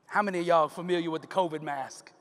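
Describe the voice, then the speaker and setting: A man's voice: fairly high pitch, fast, fairly bright tone. A man giving a live motivational speech to a crowd, preacher-like, calling out to the audience. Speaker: motivational speaker. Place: large hall in front of a live audience. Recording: long hall reverb from a live stage.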